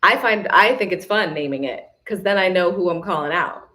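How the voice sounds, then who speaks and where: A woman's voice: fairly low pitch, moderate pace, bright, forceful tone. A woman hosting a live self-love retreat, giving an emphatic, casual motivational talk. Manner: emphatic, repetitive coaching; casual, chatty.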